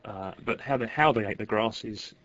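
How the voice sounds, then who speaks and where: A man who is a podcast guest, talking in a halting way with frequent restarts. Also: lowish voice, a bit bright, no room sound, muffled recording. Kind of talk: casual podcast chat.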